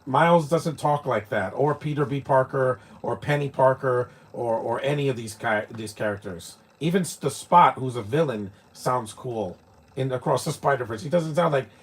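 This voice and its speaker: A husky-voiced man from New York talks through a film in a casual live watch-along. His delivery is rambling and opinionated, full of restarts, at a middle pitch. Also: moderate pace. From New York, United States. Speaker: live movie commentator.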